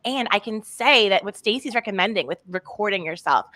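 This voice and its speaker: A woman hosting an interview, chatty and enthusiastic, quick to agree with her guest. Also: medium pitch, animated, bright, forceful tone, dry recording. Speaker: host. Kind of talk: interview on leadership. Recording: dry, close sound.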